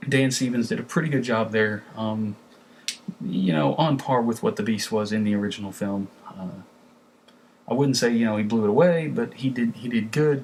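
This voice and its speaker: A man with a fairly low voice reviews a film in a loose, casual way. He stumbles over restarts and fills the gaps with ums and you-knows. A faint background noise sits under the recording. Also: poor audio. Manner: rambling, with many fillers and restarts.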